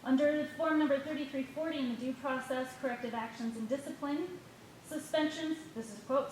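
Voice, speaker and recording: A woman speaking as a parent during public comment at a school board meeting, reading quickly and pointedly from her notes. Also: fairly high pitch, fairly even intonation, darkish tone. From United States. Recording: echoey hall with faint noise.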